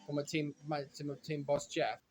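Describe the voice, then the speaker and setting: A man giving rambling, self-correcting commentary while playing a racing game, now and then breaking into frustrated shouts. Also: a little high, flat delivery, normal speed, over loud music. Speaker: gaming commentator. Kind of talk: casual let's-play commentary.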